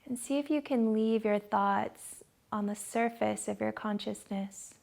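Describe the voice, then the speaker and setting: A woman yoga instructor talks a gentle class through breathing and poses in a slow, soothing way. Her voice has a gravelly, fry-touched edge, and she sits at a middling pitch for a woman. She is recorded at home in her living room.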